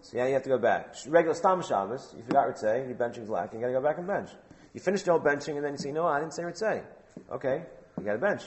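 A man's voice: mid-range voice, lively intonation, very fast. A man teaching a Talmud class, prompting his students with questions and repeating phrases for emphasis.

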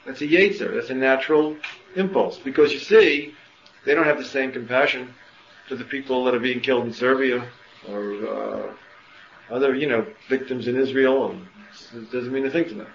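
Homem dando aula em sala ecoante. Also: male voice, mid-range voice, moderate pace, slight background noise. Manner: questioning, rhetorical, many restarts. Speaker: Torah teacher. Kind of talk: classroom lecture. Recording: muffled roomy classroom recording with faint ambience.

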